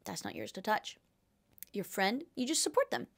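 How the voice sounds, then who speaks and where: A woman's voice: mid-range voice, huge pitch swings, normal speed, gravelly, a bit bright. A young woman hosting a podcast, reading out listener questions and giving casual, jokey advice full of fillers and asides.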